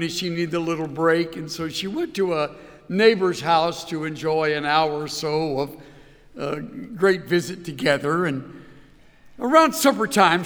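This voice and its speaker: Male storyteller, unhurried sermon delivery, hesitant with fillers, long room reverb. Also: high voice, a bit bright. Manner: halting, repeats words, many uh fillers. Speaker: speaker telling illustrative stories.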